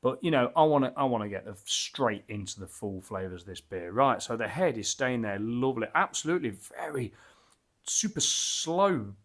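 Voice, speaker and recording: A man's voice: medium pitch, animated, fairly quick, few pauses, fairly bright tone. A man casually reviewing a beer as he tastes it, enthusiastic and rambling, with lots of fillers and restarts.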